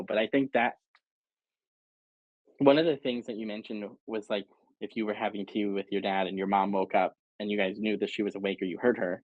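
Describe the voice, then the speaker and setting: A man's voice: lowish voice, fairly even intonation, brisk, dry recording. A man as an interview guest, reflectively explaining his perspective in a casual conversation. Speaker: guest facilitator. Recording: dry, dull lo-fi sound.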